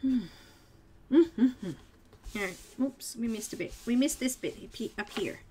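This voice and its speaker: A woman's voice: on the high side, fairly quick, a little mellow, slight background noise. An Australian woman hosting a live coloring tutorial, chatting with viewers in the chat and murmuring to herself as she works. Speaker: live art tutorial host. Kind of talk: casual live-stream chat while coloring.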